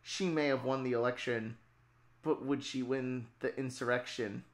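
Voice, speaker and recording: A woman's voice: rumbling low, steady tone, moderate pace, a loud crowd. A woman telling a comedic improvised story on a stream, often breaking into giggles.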